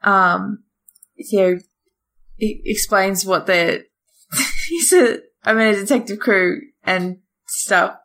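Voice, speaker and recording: Woman player, slow and hesitant, giggly, mid-pitched voice. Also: a bit bright. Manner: hesitant, many ums, giggly. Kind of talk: tabletop game play.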